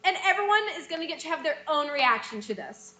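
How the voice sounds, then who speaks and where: A woman's voice: high voice, sing-song, fast, sharp tone, echoey room. A young woman teacher walking her students through a scene script, acting out lines in playful voices. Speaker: dance and theater teacher.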